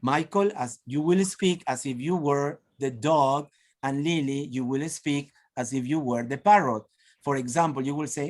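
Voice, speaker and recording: A man from Peru presents a lively teacher-training webinar over a video call, encouraging participants with frequent laughs and prompts. His voice is on the high side with a darkish tone, at a normal speed.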